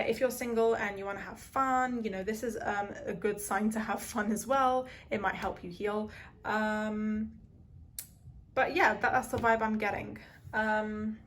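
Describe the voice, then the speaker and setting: An earnest woman talks through a tarot card reading to her viewers, her voice at a middling pitch. She rambles and circles back, filling gaps with "um" and "like". A faint hiss sits under her voice. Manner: rambling, full of "um" and "like"; earnest, emotional.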